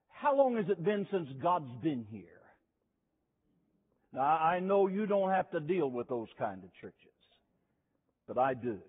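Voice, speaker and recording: A man preaching a sermon, telling stories slowly and emphatically, repeating key phrases. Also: high-pitched, husky. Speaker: revival preacher. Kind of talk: sermon with storytelling. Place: chapel. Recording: tinny lo-fi chapel recording with long reverb.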